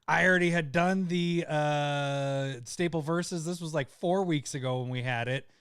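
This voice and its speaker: A man's voice: on the high side, moderate pace, fairly bright tone, smooth, no room sound, studio quality. A man co-hosting a casual gaming podcast, laughing often and poking fun at himself. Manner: laughs often, self-deprecating. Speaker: podcast co-host. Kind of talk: casual chat.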